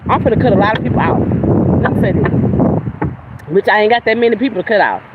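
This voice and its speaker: A woman's voice: lively intonation, quick pace, narrow, tinny audio. Profane woman ranting by traffic. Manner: profane, confrontational, swinging from loud outbursts to low mutters. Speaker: livestream host. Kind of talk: heated livestream rant. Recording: outdoor traffic noise behind voice.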